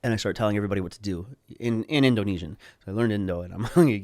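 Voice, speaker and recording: A man with a low voice tells a story as a podcast guest, casual and animated, and he swears freely. He acts out what people said. The sound is dry and close. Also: rapid-fire, few pauses, no echo.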